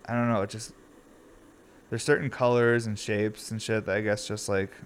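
A man in his thirties, tired and a bit raspy, rambling casually and swearing freely as he hosts a podcast from his glass studio. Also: fairly low pitch, level tone, normal speed. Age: 30s. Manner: rambling, profane, laid-back.

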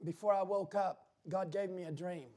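A pastor preaching a sermon in church, building to shouted emphasis and dropping into quick asides to the congregation. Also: male voice, sits high, fairly even intonation.

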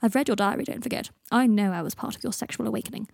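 A woman's voice: on the high side, very fast, vocal fry, darkish tone, no room sound, clean studio sound. A woman voicing a laconic, teasing young man.

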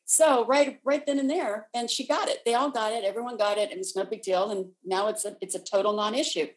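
A woman co-hosting a casual spiritual chat, telling stories and explaining ideas in a steady conversational way. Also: mid-range voice, brisk, low-quality recording. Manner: storytelling, acts out voices in anecdotes. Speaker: co-host.

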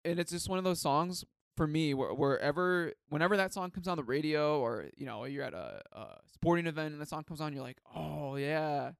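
A man's voice: fairly high pitch, expressive, brisk, gravelly, hardly any pauses, smooth, dry recording, clean studio sound. A man hosting a podcast, chatting casually and eagerly, leaning on "like" as he rambles. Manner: enthusiastic, rambling, says "like" often. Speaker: podcast host. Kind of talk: casual chat.

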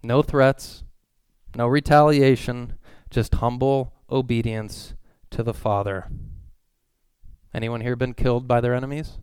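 A pastor preaching a sermon in an earnest, pleading way, reading scripture aloud. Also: male voice, mid-range voice, fairly even intonation, unhurried, a little mellow, smooth, no room sound.

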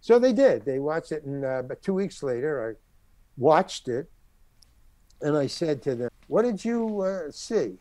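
A man's voice: medium pitch, unhurried, pauses often, dry recording. An older man, a guest actor, telling a long anecdote and acting out the other people's lines. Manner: animated, acts out other people's lines in the story. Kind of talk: anecdotal storytelling.

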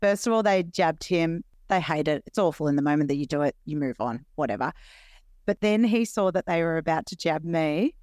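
Wry Australian woman in her thirties, lower voice. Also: lively intonation, fairly quick, darkish tone, dry recording, clean studio sound. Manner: chatty, wry, laughs easily. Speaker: podcast co-host. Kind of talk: casual chat.

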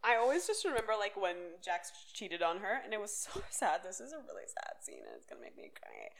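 A woman's voice: medium pitch, wildly swooping pitch, fairly quick, creaky. A woman co-hosting a casual podcast, telling stories animatedly, acting out quotes and swearing freely. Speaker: podcast co-host. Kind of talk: casual chat.

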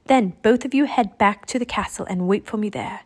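A woman reading the lines of a young boy magician turned raven, who talks in a hushed, steady way. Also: mid-range voice, a little fast, close to an everyday voice.

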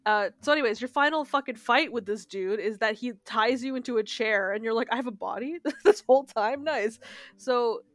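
A young woman cohosts a casual podcast, telling a story with lots of swearing and quick acted-out lines of dialogue. Her voice sits a little high, and the sound is dry and close, with no room echo. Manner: animated storytelling, swears a lot, acts out dialogue. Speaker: podcast co-host. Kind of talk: casual chat.

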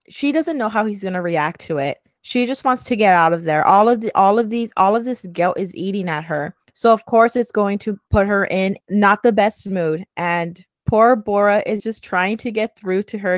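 A woman's voice: medium pitch, no echo. A woman co-hosting a casual chat, recapping a TV drama and acting out the characters' lines with energy. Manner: animated, acts out characters' lines while recapping. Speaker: podcast co-host discussing a TV drama.

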